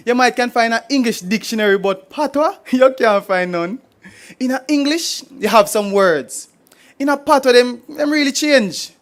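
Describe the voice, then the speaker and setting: A man's voice: extremely high pitch, fairly bright tone. A Jamaican man performing spoken word poetry for an audience, playful and rhythmic with light laughter. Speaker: poet performer.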